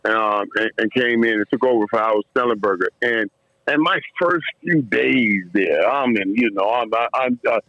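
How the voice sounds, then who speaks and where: A man's voice: on the low side, moderate pace, dry recording. A middle-aged man, a former football player, telling emotional stories as a podcast guest, stumbling over repeated words and laughing as he goes. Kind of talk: emotional storytelling in a podcast interview. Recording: dull, muffled, dry sound.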